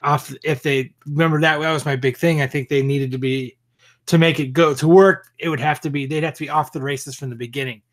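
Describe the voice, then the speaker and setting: Higher-voiced man chatting casually, swearing freely. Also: steady tone, fairly quick. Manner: casual and profane, trailing off mid-thought. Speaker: podcast co-host. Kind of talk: casual fan discussion.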